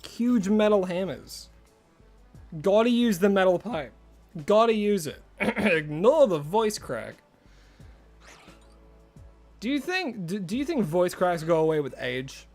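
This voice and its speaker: Chatty male game streamer, higher voice. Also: sing-song, slow, long pauses, a little mellow, faint music behind. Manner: chatty, answers chat messages, rambling asides. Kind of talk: casual live-stream chat with viewers.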